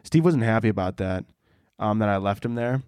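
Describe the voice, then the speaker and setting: A man's voice: fairly low pitch, lively intonation, a little fast, a little mellow, clear, resonant tone, no room sound. A man hosting a solo podcast, talking casually in a rambling, profane, joking way into a close mic. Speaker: podcast host.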